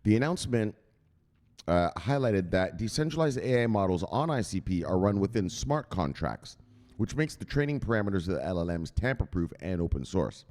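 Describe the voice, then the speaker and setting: An American man reads crypto news aloud in a voice that sits low, sing-song and darkish, at a moderate speed. Chatty and digressive, he pauses the article for casual asides and asks his viewers to google things.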